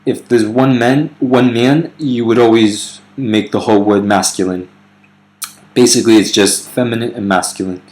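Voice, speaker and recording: A man's voice: mid-range voice, fairly even intonation, moderate pace, darkish tone. A man explaining grammar in a video lesson, loose and unscripted, with fillers and self-corrections, reading foreign example sentences aloud. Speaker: language teacher.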